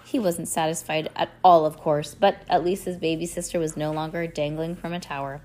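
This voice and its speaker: A woman's voice: low voice, fairly even intonation, fairly quick, darkish tone. A woman reading a novel aloud, in a plain manner with frequent stumbles and restarts. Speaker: reader.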